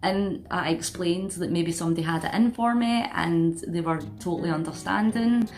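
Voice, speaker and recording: A woman's voice: on the low side, moderate pace, darkish tone, soft background music. A woman from Scotland with a Scottish accent, chatting to camera as a vlogger and telling a story with incredulous asides. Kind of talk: casual chat to camera.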